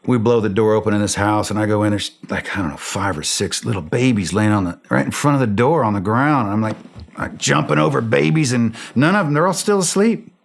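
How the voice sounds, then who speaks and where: A man's voice: on the low side, fairly quick, creaky. A man telling a war story as an interview guest, acting out the dialogue and laughing as he goes. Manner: animated, acts out quoted dialogue, laughs while telling. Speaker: interview guest, former special operator. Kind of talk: casual storytelling.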